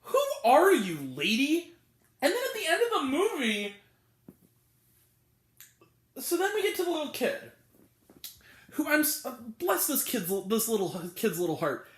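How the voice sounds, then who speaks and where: A woman's voice: high voice, very animated, unhurried, pauses often, roomy sound. A woman reviewing a movie in a casual rant, incredulous, often laughing and swearing freely. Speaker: film reviewer.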